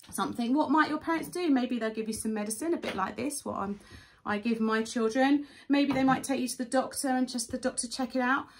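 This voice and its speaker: A woman in her thirties leading a children's worship session, telling a Bible story in an animated way, with gasps and acted-out voices. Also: high-pitched.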